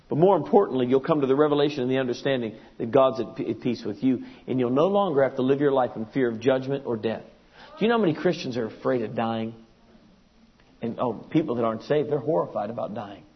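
A husky man preaching with a lively, leaping pitch, a little higher than most men. He moves from shouted points to near-whispered asides. The recording is dull and lo-fi. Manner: animated preaching, swings from shouts to hushed asides, acts out voices. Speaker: pastor. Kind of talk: sermon.

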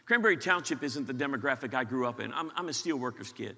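A man from western Pennsylvania preaching and making announcements to his congregation, energetic and stumbling over repeated words as he gets excited. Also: mid-range voice, quick pace, gravelly, big-room sound. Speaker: pastor. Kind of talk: sermon announcements. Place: large church auditorium.

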